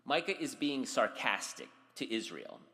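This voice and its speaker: A man's voice: mid-range voice, very animated, moderate pace, bright, forceful tone, long reverb tail. A man preaching a sermon, reading scripture dramatically and speaking directly to his congregation. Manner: dramatic, voices scripture with raised intensity. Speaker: pastor.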